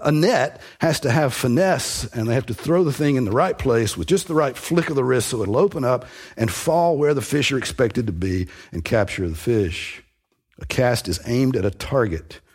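A man's voice: mid-range voice, a little mellow, slightly rough. A man preaching a sermon, earnest and emphatic, building on repeated phrases.

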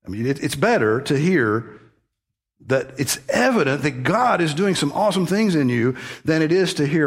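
A man's voice: fairly high pitch, sing-song, normal speed, husky. A man preaching a sermon in a conversational teaching manner, stressing key words and often restarting phrases. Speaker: pastor.

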